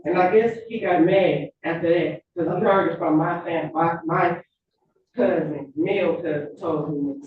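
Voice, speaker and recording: A woman gives courtroom testimony, halting and repeating her words as she goes. The sound is roomy and distant, picked up from across the courtroom on a dull, lo-fi system. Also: on the low side, slight background noise. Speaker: witness. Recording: echoey distant courtroom audio, lo-fi.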